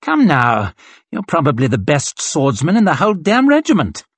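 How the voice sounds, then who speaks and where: A man's voice: a little high, wildly swooping pitch, moderate pace, breathy edge, dry recording, voice pushed up, full character voice. A man doing a mocking, vain colonel. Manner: mocking, commanding. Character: vain, cruel, seductive male colonel.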